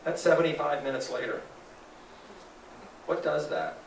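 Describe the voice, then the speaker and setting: A man giving an animated sales presentation to a live audience, asking the room questions. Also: a little high, normal speed, creaky, a little hiss or hum. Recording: echoey room from a distance.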